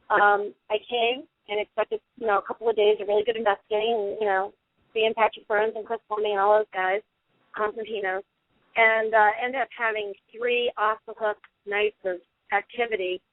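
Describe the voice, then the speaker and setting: A middle-aged woman, a paranormal investigator, telling long animated stories as a guest in a radio interview. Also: mid-range voice, no echo. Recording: tinny dry phone line.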